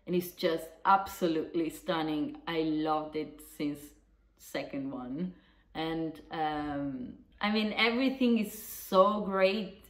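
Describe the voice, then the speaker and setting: Slow-talking woman in an echoey room. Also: on the low side. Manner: chatty, rambling, swears casually. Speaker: vlogger. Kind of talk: casual vlog chat. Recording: roomy echo.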